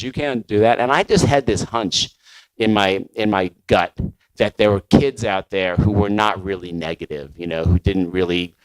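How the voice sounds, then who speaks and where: Middle-aged male label founder, lowish voice, chatty storyteller, close and dry. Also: no echo, poor audio. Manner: conversational with many fillers and restarts. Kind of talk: conference talk storytelling.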